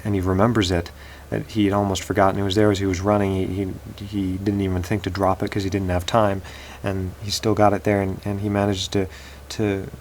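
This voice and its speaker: A man telling an improvised story in a halting way, often repeating words. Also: on the low side, a little hiss or hum, poor audio.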